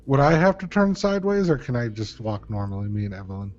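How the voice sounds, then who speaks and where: A man's voice: mid-range voice, big pitch swings, fast talker, darkish tone. Playful male player, muffled mic. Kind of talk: casual tabletop play.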